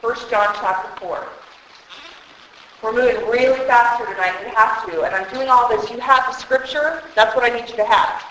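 A woman preaching at a retreat, lively and emphatic, repeating words for effect. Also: a little high, brisk, hardly any pauses, recorded from a distance, a little hiss or hum. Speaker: retreat speaker. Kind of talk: sermon. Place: hall at a church retreat. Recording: echoey hall.

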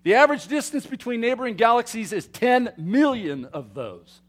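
A man preaching a sermon to his congregation, swinging between loud emphatic declarations and quiet asides, often asking them questions. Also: very high voice, expressive, normal speed. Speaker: pastor. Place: church sanctuary.

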